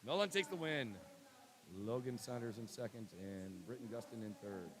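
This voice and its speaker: A man commentating a live swim meet, briskly reading out lanes, names and times and joking with his co-host. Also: medium pitch. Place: indoor pool meet. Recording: loud crowd at a pool.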